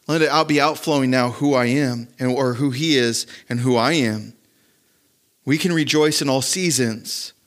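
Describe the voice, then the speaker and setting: A man's voice: a little high, a bit bright. A man, a pastor, preaching a conversational sermon and asking his listeners frequent rhetorical questions.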